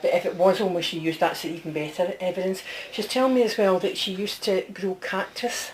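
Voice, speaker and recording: A woman's voice: on the low side, fairly even intonation, brisk, poor audio. A woman giving a one-to-one reading as a medium, chatty, passing on messages and checking in often with the person she is reading for. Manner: chatty, relays messages, keeps checking with the sitter. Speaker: psychic medium.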